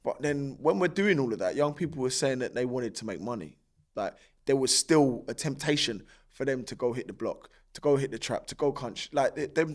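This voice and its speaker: A man, a podcast guest telling his story in loose, slangy talk and acting out the dialogue he quotes. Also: medium pitch. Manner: animated, acts out quoted dialogue with a raised voice; loose, filler-heavy street slang.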